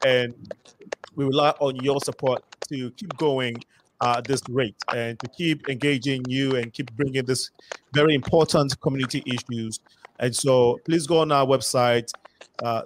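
A man from Ghana hosts a community talk show. He talks in a halting way, restarting phrases and laughing at himself. His voice sits at an ordinary middle pitch. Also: noisy background.

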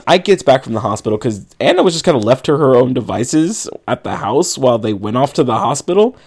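Another podcast co-host retells a movie in a loose, meandering recap full of filler like "like" and "you know." His medium-pitched voice is very animated and fairly quick, with a darkish, slightly rough tone.

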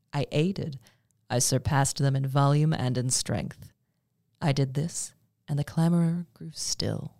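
A man with a gravelly voice reading a classic horror story as narrator and host, measured and dramatic. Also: medium pitch, dark tone, dry recording, clean studio sound. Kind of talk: scripted audiobook narration.

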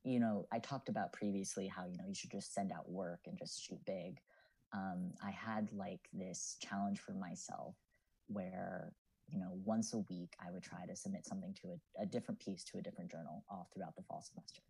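A man's voice: low-pitched, fairly even intonation, fairly quick, vocal fry, dark tone, husky, rough recording. A man in his twenties, a student writer and podcast guest, talking in an earnest, reflective way with many fillers. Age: 20s. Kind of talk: casual podcast chat.

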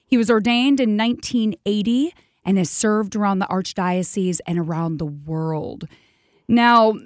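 A woman's voice: medium pitch, no echo, studio quality. A woman filling in as a radio host, upbeat and playful, chatting with a guest in a casual interview. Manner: upbeat and playful, laughs often. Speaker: radio show fill-in host.

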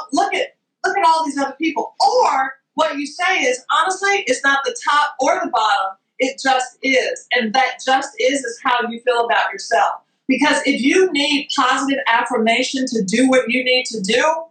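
A woman chef telling a story as a guest, expressive and loud, acting out what people said. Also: sits high. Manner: expressive, acts out quotes, exclaims loudly. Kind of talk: animated storytelling chat. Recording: echoey room, distant from mic.

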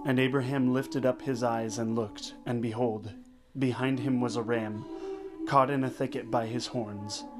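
Male prayer leader, mid-pitched, slow solemn scripture reading, choral music clearly underneath. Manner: measured, solemn reading in short phrases. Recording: voice over clear background music. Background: sacred choral music.

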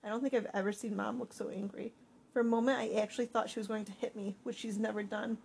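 A woman narrating a first-person audiobook with an expressive, animated reading. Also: medium pitch, fast talker, creaky, slight background noise.

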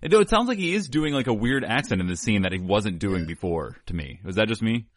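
A man's voice: fairly low pitch, very animated, fairly quick, dry recording, clean studio sound. A man co-hosting a podcast, recapping movie scenes in casual chat and acting out lines. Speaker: podcast co-host.

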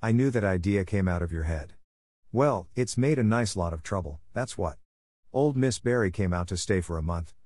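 A man's voice: lowish voice, a little mellow, no echo, clean studio sound. A man voicing a stern, gossipy older village woman who lectures in an emphatic, self-satisfied way.

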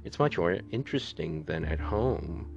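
A man voicing a curious, guarded young girl who answers flatly in a storybook reading. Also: deep voice, moderate pace, vocal fry, highs cut off, soft background music, voice pushed down. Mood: reserved.

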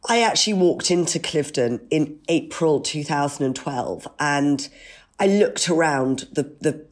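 A woman, a historian, answering interview questions with a croaky voice from a cold, speaking with gushing enthusiasm. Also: deep voice, lively intonation, unhurried. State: has a cold. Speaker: historian and festival founder.

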